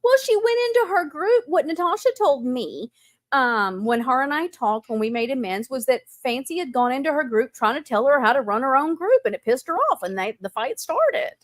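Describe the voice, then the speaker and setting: A woman hosts a casual gossip chat, blunt and fed up, swearing without a filter. Her voice is very high and swings widely in pitch. The sound is dry and close, with no room around it. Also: very animated, moderate pace, no echo. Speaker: host.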